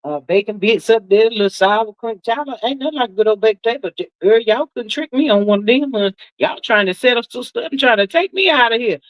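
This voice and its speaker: Fast and with barely a pause, a woman in her sixties gossips on her livestream in a drawling, chatty manner, peppering it with "honey" and "child." Her lively voice swoops high for emphasis. The recording is dry and low in quality.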